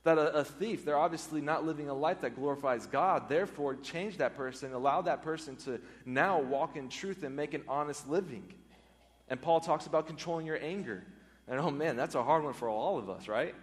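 A man's voice: a little high, moderate pace. A man preaching a sermon as a pastor, earnest, often repeating words and phrases for emphasis. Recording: long hall reverb.

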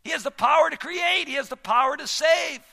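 A male pastor preaching a sermon, swinging between shouted emphasis and hushed, drawn-out words. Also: very high-pitched, creaky. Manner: dramatic, swings from shouting to near-whispers. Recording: long hall reverb.

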